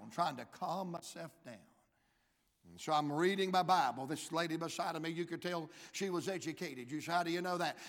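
Man, Georgia accent, sermon, high pitch, bright tone, jokey then shouting, echoing hall. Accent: Southern US (Georgia). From Georgia, USA. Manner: humorous storytelling building to shouted climaxes. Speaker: preacher. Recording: reverberant hall.

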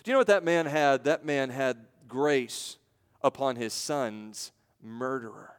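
Heard in a large hall with long reverb, a male US pastor speaks unhurriedly in a clear, resonant voice. His sermon alternates between emphatic, raised moments and quiet, low-spoken stretches, with rhetorical questions throughout.

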